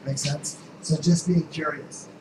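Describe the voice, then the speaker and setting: A man giving a live sales training talk, telling stories and acting out the people in them with emphatic, sometimes shouted lines. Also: a little high, fairly even intonation, unhurried. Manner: storytelling, acts out quotes with shifting voices; emphatic, rising to near-shouts. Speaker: real estate sales trainer. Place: training room. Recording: roomy, distant mic, air conditioning hum.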